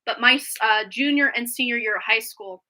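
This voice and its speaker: A woman's voice: on the high side, brisk, very noisy. A woman reading tarot on a live stream, bubbly and effusive, often giggling as she talks to viewers. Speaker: tarot reader.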